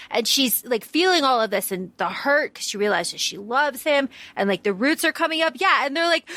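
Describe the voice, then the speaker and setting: A woman's voice: high-pitched, animated, normal speed, bright, forceful tone, no echo. A woman co-hosting a podcast, playfully recounting book scenes in casual chat, swearing now and then. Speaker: podcast co-host.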